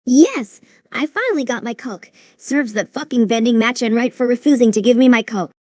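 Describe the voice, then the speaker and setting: A woman's voice: a little high, expressive, normal speed, darkish tone, no room sound, clean studio sound. Twilight Sparkle, in a synthetic woman's voice, foul-mouthed pony. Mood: angry. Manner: swears constantly, demanding. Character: young female pony, hot-tempered and foul-mouthed.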